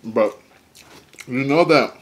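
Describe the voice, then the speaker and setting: A man hosting a mukbang, chatting excitedly to viewers while eating. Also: medium pitch, slow, a little hiss or hum. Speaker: mukbang host. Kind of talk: casual eating vlog.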